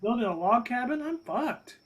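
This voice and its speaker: A man with an unusually high voice, talking as a guest on a casual podcast. He is candid and loose, swearing offhandedly and laughing as he swaps anecdotes. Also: animated, moderate pace, poor audio. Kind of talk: casual chat.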